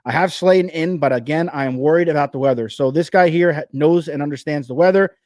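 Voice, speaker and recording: A man's voice: on the high side, no room sound, studio quality. Upbeat New Jersey man hosting live. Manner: energetic, fast, restarts often. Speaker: fantasy football show host. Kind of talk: live fantasy sports talk show.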